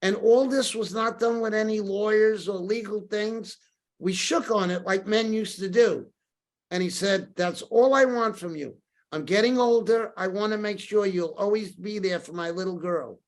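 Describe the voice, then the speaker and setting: Older man, podcast guest, animated storytelling, acts out quoted voices. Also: high-pitched.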